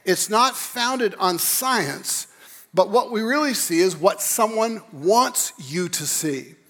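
A man giving an informal lecture, rambling and animated, with many restarts and repeated words. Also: high voice, slow. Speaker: speaker on creation and evolution.

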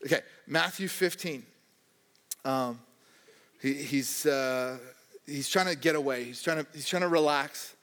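A man's voice: a little high, measured pace, fairly bright tone, big-room sound. A young man preaching a sermon in a conversational, joking way, acting out quoted voices. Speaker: pastor.

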